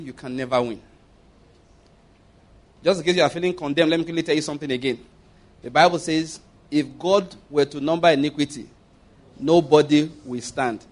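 A man preaching a sermon, telling stories and jokes with emphatic, acted-out quotes. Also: on the high side.

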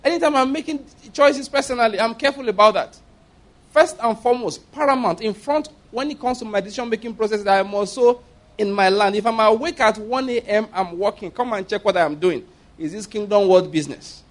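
Man, Nigerian English accent, sermon, preacher, high-pitched voice, emphatic storytelling, laughs often. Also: a little fast.

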